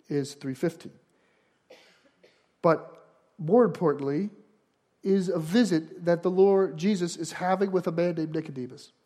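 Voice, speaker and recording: Male pastor, high voice, earnest sermon, repeats phrases, swings from loud to soft. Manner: builds to emphatic, louder passages then drops to quiet prayer.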